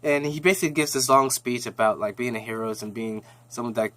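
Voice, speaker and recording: A man's voice: mid-range voice, fairly even intonation, quick pace, a bit bright. A man casually recapping a TV episode in a rambling, slangy way with lots of restarts.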